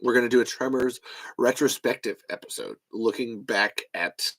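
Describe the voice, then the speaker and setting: A man's voice: medium pitch, fairly even intonation, moderate pace, a bit bright, rough recording. A man hosting a podcast in casual chat, rambling and swearing freely. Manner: rambling, profane. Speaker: podcast host.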